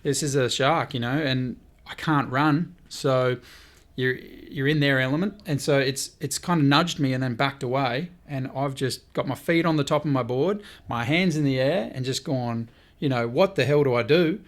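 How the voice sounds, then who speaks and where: A man's voice: medium pitch, normal speed, hardly any pauses. A man, a podcast guest telling a story in casual talk, acting out what people said and swearing now and then. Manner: lively, swears, quotes people in dialogue.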